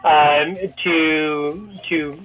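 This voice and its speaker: A man's voice: a little high, little pitch movement, drawn-out words, soft background music. A man playing a tabletop game, talking hesitantly with many fillers. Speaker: player. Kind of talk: casual tabletop play. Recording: tinny phone-like line.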